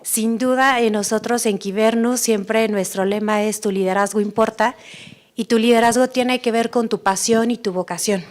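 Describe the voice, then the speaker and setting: Nervous, polite woman audience member, slightly higher voice. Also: fairly even intonation, a little fast. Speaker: audience member asking a question. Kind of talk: audience question.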